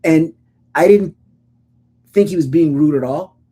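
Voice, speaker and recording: Middle-aged man telling stories, dark voice. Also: a little high, unhurried, husky. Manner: animated storytelling with acted-out quotes; stammering restarts. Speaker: podcast co-host. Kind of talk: casual conversation.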